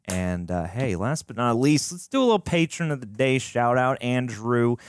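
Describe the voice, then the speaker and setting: A man's voice: mid-range voice, sing-song, moderate pace, clear, resonant tone. A man hosting a casual movie reaction chat, enthusiastic and rambling, with frequent restarts. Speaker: host.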